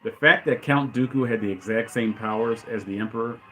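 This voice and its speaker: A man's voice: on the low side, fairly quick. Man ranting fan commentary. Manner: ranting, exclaims loudly. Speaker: channel host.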